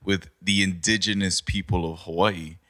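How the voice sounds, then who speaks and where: Low male voice, bright tone, a former social worker in calm casual chat. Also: normal speed.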